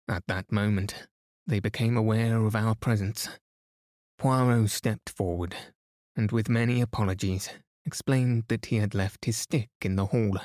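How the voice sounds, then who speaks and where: A man narrating a classic detective story in a calm, steady bedtime reading meant to send listeners to sleep. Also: fairly low pitch, measured pace, no echo, studio quality. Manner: soothing, steady. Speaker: podcast narrator.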